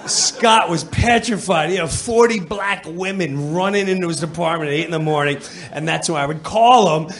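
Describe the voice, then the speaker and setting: A middle-aged man from New York telling a stand-up story on stage, animated and quick to slip into voices. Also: on the high side. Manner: animated, jumps into voices, laughing asides. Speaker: comedian. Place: comedy club stage.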